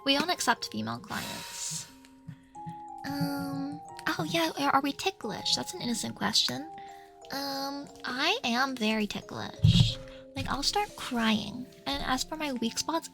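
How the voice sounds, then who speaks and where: A woman's voice: high-pitched, vocal fry, a bit bright. A woman streamer answering viewer questions in a casual, playful chat, laughing often.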